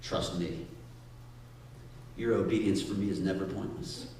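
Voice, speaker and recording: A man voicing God as calm, sovereign and reassuring, speaking slowly and softly. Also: a little hiss or hum. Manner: slow, hushed, low-pitched. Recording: echoey hall, distant mic.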